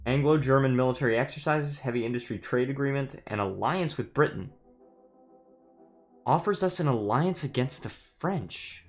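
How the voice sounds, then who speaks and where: A man's voice: mid-range voice, moderate pace, faint music behind. A man streaming a strategy game, musing aloud with hesitant restarts while reading chat messages.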